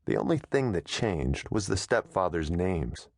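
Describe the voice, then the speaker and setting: A man narrating an audiobook in a steady, measured storytelling manner, close to a studio mic. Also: low voice, creaky, dry recording.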